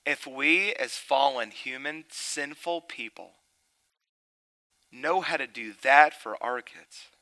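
A middle-aged man preaching a sermon. He tells a family story, then turns loud and emphatic. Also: mid-range voice, slow, poor audio.

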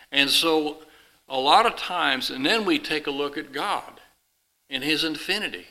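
Casting: male preacher, folksy and rambling, sharp bright tone, addressing a live congregation. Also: on the high side, low-quality recording. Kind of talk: sermon with illustrative story.

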